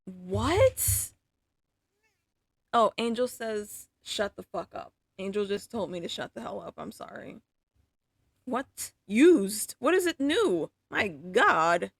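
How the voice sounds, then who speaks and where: Foul-mouthed woman livestreaming, gravelly and lively. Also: mid-range voice, unhurried, dry recording. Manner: swears freely, exclaims in disbelief. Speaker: livestreaming artist. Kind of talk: casual livestream chat.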